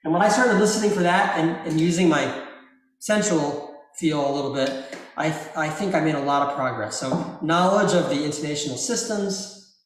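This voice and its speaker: A man, a cellist, answering audience questions in a live masterclass, talking in an unhurried, thoughtful way with frequent ums and uhs. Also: fairly high pitch. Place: large reverberant hall. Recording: very echoey hall with cello in the background.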